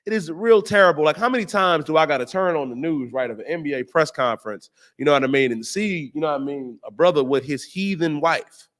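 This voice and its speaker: A man's voice: fairly high pitch, quick pace, a bit bright. Emphatic slangy male scripture preacher. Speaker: host and teacher.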